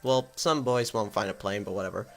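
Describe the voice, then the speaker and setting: A man voicing a formal, reserved teenage girl in a visual novel with a plain, soft, formal delivery. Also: lowish voice, brisk, faint music behind, voice pushed down. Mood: polite.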